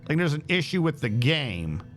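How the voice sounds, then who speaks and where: A man's voice: fairly high pitch, big pitch swings, moderate pace, faint music behind. A man streaming a game, thinking aloud on a headset as he troubleshoots. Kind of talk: casual gameplay commentary.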